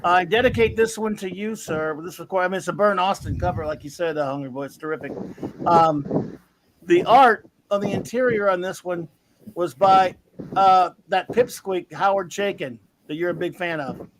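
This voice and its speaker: A man's voice: high voice, normal speed, background noise. A man in his fifties hosting a casual podcast chat, telling rambling anecdotes in a blunt, crude, joking way. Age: 50s. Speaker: podcast host.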